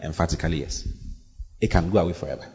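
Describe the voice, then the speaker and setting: A man's voice: low-pitched, quick pace, gravelly, darkish tone. A man preaching a sermon as pastor, repeating phrases and building emphasis. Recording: dull sound with long hall reverb.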